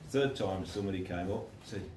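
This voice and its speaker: A man with a low, darkish voice preaches a relaxed, chatty sermon at a brisk clip, voicing the characters in his stories. He sounds far off in an echoey room, and there is slight background noise.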